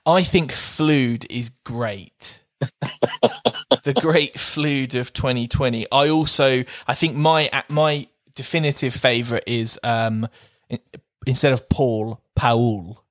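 A man co-hosting a podcast, chatting casually and laughing often as he slowly plays with the sounds of words. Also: mid-range voice, no room sound. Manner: playful, laughs often, reads out word jokes slowly. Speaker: podcast co-host. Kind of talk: casual chat.

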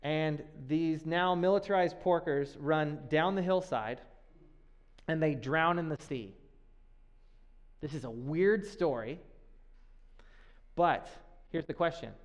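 A man preaching a sermon in a lively, conversational way, with playful asides to the listeners. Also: on the high side, slow, long pauses.

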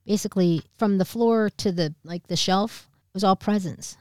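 A woman's voice: medium pitch, normal speed, dry recording, clean studio sound. Candid woman telling a story. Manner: candid, swearing, acts out quoted voices. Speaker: podcast co-host. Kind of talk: casual storytelling chat.

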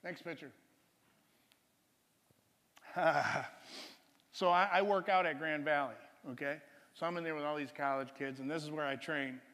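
A man's voice: on the high side, steady tone, normal speed, long pauses, a bit bright, in a large hall. A man preaching, telling a personal testimony story in a rambling, chuckling way with many restarts.

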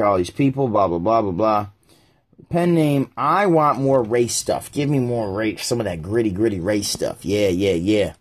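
Husky man rambling through a reaction vlog. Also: a little high, darkish tone. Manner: rambling, sarcastic, thinks aloud. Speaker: commentator reacting to videos. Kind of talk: casual commentary vlog.

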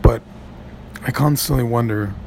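A man in a profane stand-up style rant, gravelly, animated, swinging from low mutters to high shouts. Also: unhurried, slight background noise.

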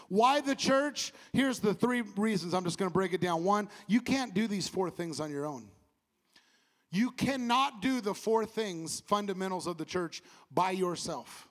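A man with a Southern US accent preaching a sermon as pastor, animated, laughing at himself and calling for responses from the congregation. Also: high voice, normal speed, in a large hall.

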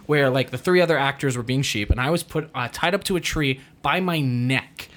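A man's voice: medium pitch, fairly quick. A male actor telling a funny story in casual conversation, laughing often as he talks. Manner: laughs often, lively anecdote.

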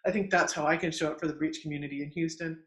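A middle-aged man, a midwife, telling stories in casual conversation, animated and acting out the voices of the people in them with frequent laughs. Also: fairly high pitch, racing. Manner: animated, acts out quoted voices, laughs often. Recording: roomy echo.

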